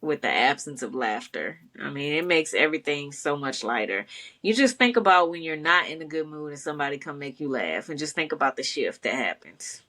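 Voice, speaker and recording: Low-voiced encouraging woman co-host. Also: animated, a little fast, pushed and bright. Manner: easygoing, encouraging, laughs often. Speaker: podcast co-host. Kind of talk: casual chat.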